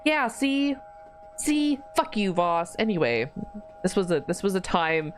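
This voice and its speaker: A woman streamer chatting casually through a live game stream. Her pitch swoops up and down with plenty of life, and she swears freely while bantering back at her chat. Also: big pitch swings, measured pace, soft background music.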